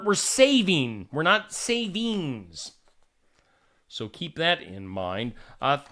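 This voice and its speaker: A man's voice: fairly high pitch, pushed and bright. A male host reading odd news stories aloud and adding wry asides between them.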